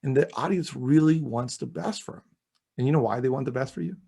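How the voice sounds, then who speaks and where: Male speaking coach as guest, gravelly husky voice, punchy and emphatic. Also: mid-range voice, fairly quick, mellow. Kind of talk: interview chat.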